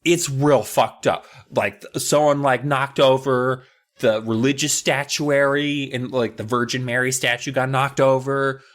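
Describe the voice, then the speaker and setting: A man casually recapping a book for a podcast, joking and swearing, slipping into quick character voices. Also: mid-range voice, steady tone. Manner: profane, jokey, acts out characters in quick voices.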